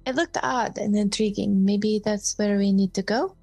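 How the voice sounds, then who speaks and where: A woman's voice: mid-range voice, steady tone, moderate pace, gravelly, darkish tone, no room sound, faint music behind. A woman playing a tabletop game, speaking hesitantly and tentatively. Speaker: player. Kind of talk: casual tabletop play.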